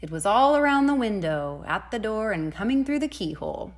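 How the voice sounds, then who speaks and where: A woman preschool teacher reads a storybook aloud to young children. Her gentle, expressive delivery rises and falls with lively pitch, and she drops to a soft hush for sound effects. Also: fairly quick.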